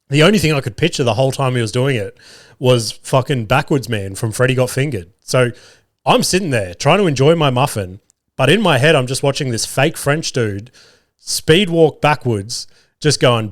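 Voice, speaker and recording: A young man hosts his podcast, telling a story in a loose, profane style. His pitch jumps around a lot as he mocks the people in it. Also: moderate pace. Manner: animated, swearing, mocking impressions. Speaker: podcast host. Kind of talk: casual storytelling monologue.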